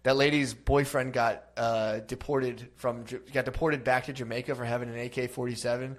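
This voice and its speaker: A man's voice: medium pitch, level tone, moderate pace. A man in his thirties telling rambling, crude stories in casual podcast chat, swearing a lot.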